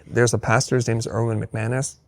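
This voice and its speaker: A man talking as a guest in a candid interview, an animated storyteller who acts out dialogue with blunt, wry humor. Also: mid-range voice, fairly quick, gravelly. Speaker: podcast guest.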